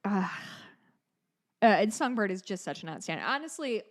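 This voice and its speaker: A woman in her thirties co-hosts a podcast in loose, easy conversation. She rambles from point to point, drops in a swear word, and keeps undercutting herself. Her voice sits at an ordinary middle pitch. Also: big pitch swings, moderate pace. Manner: rambling and chatty, with swearing and self-deprecating asides. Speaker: podcast co-host. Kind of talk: casual chat.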